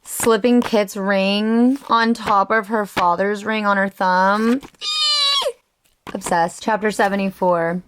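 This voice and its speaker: A woman's voice: mid-range voice, steady tone, takes it slowly, background noise. A young woman in her twenties chatting casually in a reading vlog, reacting dramatically and gushing about a book. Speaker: book vlogger.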